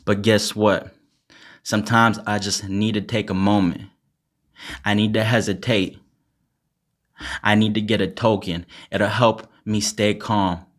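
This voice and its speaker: A man's voice: on the low side, flat delivery, measured pace, long pauses. A young man rapping an intense, angry a cappella freestyle full of swearing, then chatting casually to his viewers. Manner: intense and angry in the verse, chatty and laughing in the outro; swears heavily. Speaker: rapper and poet.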